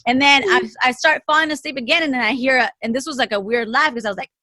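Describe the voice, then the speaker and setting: A woman's voice: high voice, fast, bright, forceful tone, no room sound. A woman co-hosting a casual podcast, telling a story animatedly with lots of swearing and laughter. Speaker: podcast co-host. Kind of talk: casual chat.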